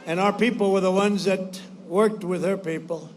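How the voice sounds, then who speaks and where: A man giving a rambling, boastful campaign rally speech, repeating phrases, shouting at times and mimicking others in quotes. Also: high voice, steady tone, normal speed, slight background noise. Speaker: politician addressing supporters.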